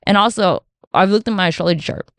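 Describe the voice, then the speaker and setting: A woman's voice: fast talker, a bit bright, dry recording. A woman talking through a solo podcast in a loose, profane ramble, jumping up into exaggerated voices whenever she quotes someone. Her voice is close and dry, with no room sound at all. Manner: profane, rambling, acts out voices with big pitch jumps. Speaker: podcast host. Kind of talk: casual solo podcast monologue.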